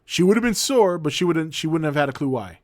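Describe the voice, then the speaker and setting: A man in his forties hosting a livestream, telling an anecdote in a casual, profane, animated way. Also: on the high side, fast, dry recording, studio quality. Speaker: host.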